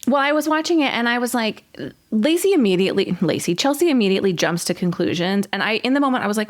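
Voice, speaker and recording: A woman's voice: a little high, animated, fast. A woman co-hosting a podcast, chatting enthusiastically about a TV episode and acting out the characters' lines. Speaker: podcast co-host. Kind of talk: casual chat recapping a TV episode.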